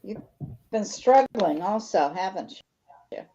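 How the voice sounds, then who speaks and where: A woman doing a tarot reading on a live stream, speaking slowly and gently. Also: medium pitch, expressive. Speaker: tarot reader. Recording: dull lo-fi line with faint noise.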